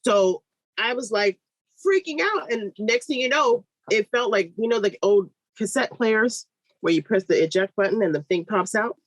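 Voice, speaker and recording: A woman in a conversational podcast, telling a personal story with animated energy and swinging her voice high and low as she acts out other people. Her voice sits at an ordinary middle pitch, and it comes across close and dry. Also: dry recording, rough recording. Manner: fast, run-on telling with restarts. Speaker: guest, midwife.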